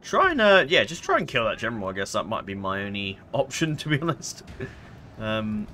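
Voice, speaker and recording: A man's voice: on the low side, very animated, fairly quick, sharp tone, slight background noise. A man giving casual let's-play commentary, rambling and hesitant, full of fillers and self-corrections. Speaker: gameplay commentator.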